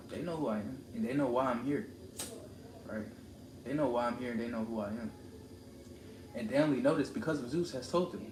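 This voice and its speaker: A livestreamer with a mid-range voice talks fairly quickly but leaves long pauses in a ranting live stream monologue. His tone is confrontational and preachy, and he repeats lines for emphasis. The sound has a roomy echo and steady background noise.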